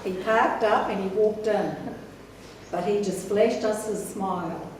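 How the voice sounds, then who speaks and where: A woman's voice: medium pitch, very noisy. A woman giving a wedding speech about the couple, telling stories and laughing along. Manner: warm, measured storytelling with laughs. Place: wedding reception hall. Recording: echoey hall, distant mic.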